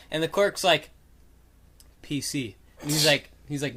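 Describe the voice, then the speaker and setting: A man's voice: a little high, moderate pace, pushed and bright. A young man co-hosting a podcast, telling a story in casual chat, rambling with lots of fillers and acting out what people said. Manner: rambling, filler-heavy, acts out quotes animatedly. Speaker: podcast co-host.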